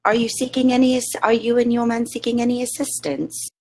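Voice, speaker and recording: A woman's voice: on the high side, steady tone, fairly quick, a little mellow. A woman playing a tabletop game, speaking politely and asking questions. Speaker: player.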